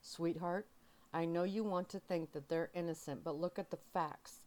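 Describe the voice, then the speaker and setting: A woman reading a novel aloud in a soft-spoken ASMR style, voicing a worried, angry father who pleads with his daughter. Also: on the low side, steady tone, normal speed, natural voice. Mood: insistent. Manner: pleading then insistent.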